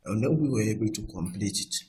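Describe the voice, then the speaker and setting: A man teaching an Arabic grammar lesson, talking patiently, repeating each point and slowing down to recite Arabic text. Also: fairly low pitch, animated, mellow. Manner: slows down for Arabic quotations. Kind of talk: recorded online lesson.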